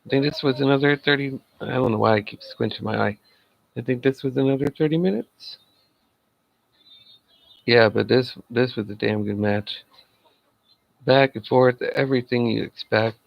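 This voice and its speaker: A man's voice: medium pitch, moderate pace, gravelly, pauses often, no room sound, dull audio. A man giving a casual solo review of a wrestling show, chatty and laughing at his own jokes.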